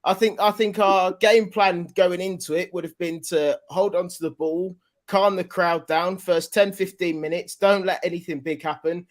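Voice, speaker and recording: A man's voice: high-pitched, steady tone, normal speed, hardly any pauses. A man on a football podcast candidly explaining his team's struggles. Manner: candid, frustrated. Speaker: podcast panelist. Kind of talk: casual football podcast chat.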